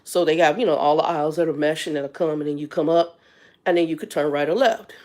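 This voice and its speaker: A woman in her fifties hosts a live stream and vents in a blunt, exasperated way, talking straight to her viewers. Her voice sits a little low for a woman. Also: quick pace, darkish tone. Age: 50s. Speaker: channel host. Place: Arizona.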